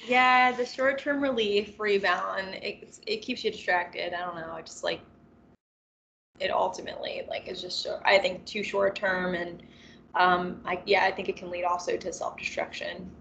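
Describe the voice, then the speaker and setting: A young woman in her twenties chatting casually, self-aware and quick to laugh. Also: mid-range voice, fairly even intonation, creaky, a bit bright, dull audio, a little hiss or hum. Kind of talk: casual chat.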